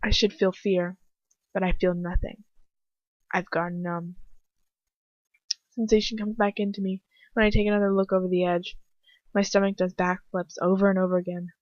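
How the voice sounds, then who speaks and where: A woman's voice: medium pitch, little pitch movement, moderate pace, pauses often, darkish tone, dry recording. A young woman reading first-person fan fiction aloud at home, breaking off now and then to comment on the text. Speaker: fanfiction reader. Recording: dry, dull home recording.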